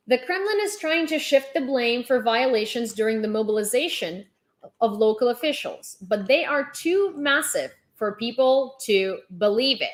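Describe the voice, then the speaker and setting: A woman's voice: fairly high pitch, expressive, measured pace. A young adult woman livestreaming casual commentary on the news. She talks in a chatty, sarcastic way, with lots of fillers and restarts.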